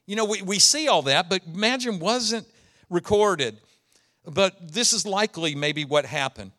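Bright-voiced male preacher telling a story. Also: high-pitched, expressive, unhurried. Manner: storytelling, acting out quoted characters. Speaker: pastor. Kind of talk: sermon.

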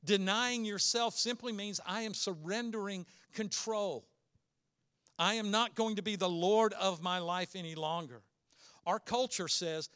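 A man preaching a sermon as a pastor, earnest and emphatic, asking many rhetorical questions and slowing down to stress key words. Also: high voice, fairly bright tone, clean tone.

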